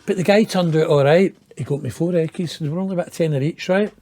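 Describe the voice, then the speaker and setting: A man's voice: fairly high pitch, fast talker, dark tone, dry recording. Rambling Scottish man in his fifties. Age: 50s. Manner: rambling, profane, laughs at his own tale, self-mocking. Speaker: interview guest telling a story. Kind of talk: casual storytelling in an interview.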